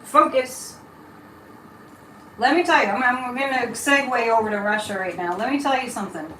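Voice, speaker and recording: A woman's voice: on the high side, moderate pace, a bit bright, a little hiss or hum. Chatty woman in a roomy space. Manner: chatty, reading viewer comments aloud and digressing. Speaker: psychic livestream host. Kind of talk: casual live chat and tarot reading. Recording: roomy echo.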